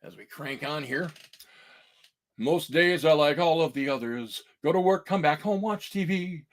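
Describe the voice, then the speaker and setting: A man sings comic songs in a high, bright register and breaks off for jokey spoken asides. His delivery stays playful and quick to slip into silly voices. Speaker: singer-songwriter.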